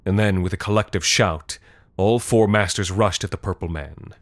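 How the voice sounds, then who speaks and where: Casting: male storyteller, very low voice, dry close sound, deadpan narration. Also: normal speed, dry recording. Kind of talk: scripted narration.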